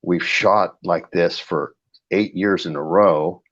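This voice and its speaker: Hosting a live chat stream, this man rambles bluntly through a long casual story, repeating "I go" throughout his retelling. His deep voice is slow with fairly even intonation, captured with no echo and dull audio.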